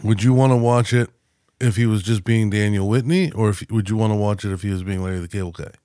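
A man's voice: fairly low pitch, fast, mellow, no echo, clean studio sound. A man co-hosting a podcast in crude, joking banter, acting out the people he quotes. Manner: profane, jokey, acts out quoted people. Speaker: podcast co-host.

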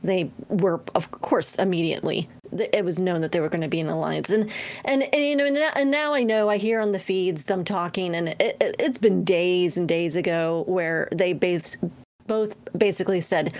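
Female podcast co-host, lowish voice, chatty and laughs easily. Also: a little mellow. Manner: talkative, quick to laugh, many fillers. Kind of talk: casual chat.

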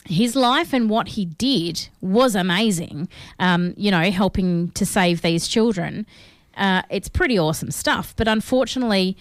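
With a medium-pitched voice and a clean studio sound free of room noise, this Australian woman co-hosts a film review show. She talks casually, voices strong opinions, and uses lots of fillers.

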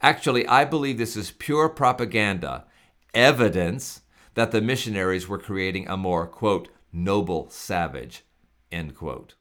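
A man giving reflective spoken commentary on old hymns, reading slowly and carefully in a measured way. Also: on the low side, fairly bright tone. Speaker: hymn presenter.

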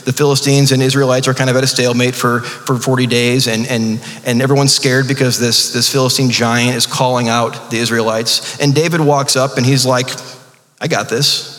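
Male pastor, mid-pitched, casual preaching style with quick jokes and stumbling restarts, long hall reverb. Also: level tone, fairly bright tone. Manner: conversational preaching with joking asides and many restarts. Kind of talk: sermon.

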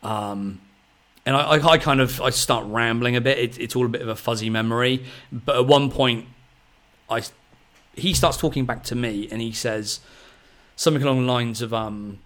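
A man in his thirties, a podcast host telling a long story in a rambling, excitable way, full of fillers. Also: medium pitch, normal speed. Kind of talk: casual storytelling chat.

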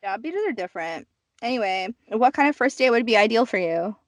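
Woman co-host, casual chat, bright-pitched, dry close mic, rambling filler-heavy storyteller. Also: animated, fairly quick, no echo. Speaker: podcast co-host.

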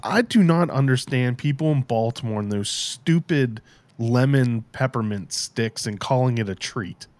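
A man's voice: medium pitch, a little slow, darkish tone, no room sound. A man hosting a casual interview chat, asking questions in a chatty, joking way.

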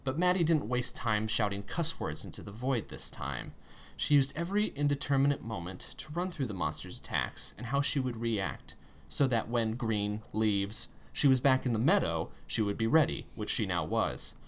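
A man narrating a story aloud in an expressive reading style, with tense pauses and strong emphasis. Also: on the low side. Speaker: story reader.

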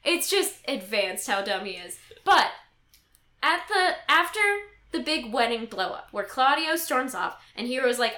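A young woman with a high, bright voice talks in a lively, animated way as a podcast host. She laughs often and leaps into quoted lines, and the room around her is echoey. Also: unhurried. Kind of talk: casual chat retelling a play.

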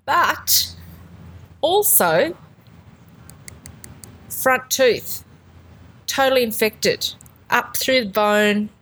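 Woman, husky voice, lively up-and-down pitch, chatty storyteller, casual podcast chat. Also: very slow, long pauses, rough recording. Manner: chatty storyteller, laughs often, acts out quoted voices. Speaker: podcast co-host.

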